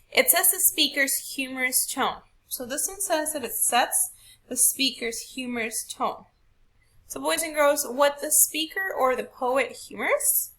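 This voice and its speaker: Bright-voiced woman teaching a lesson. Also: sits high. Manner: patient, explaining step by step with rhetorical questions. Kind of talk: recorded classroom lesson.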